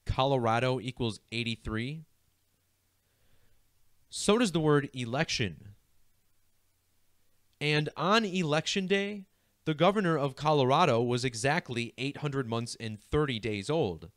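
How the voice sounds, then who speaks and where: With a medium-pitched voice and no room sound, this young numerology video host talks casually while sharing his screen, repeatedly dissolving into giggles.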